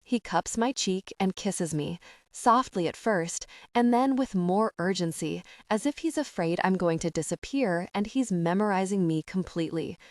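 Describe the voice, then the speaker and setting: A woman narrating a first-person romance audiobook in an intimate, unhurried way. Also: fairly low pitch, animated, a little mellow, no echo, clean studio sound.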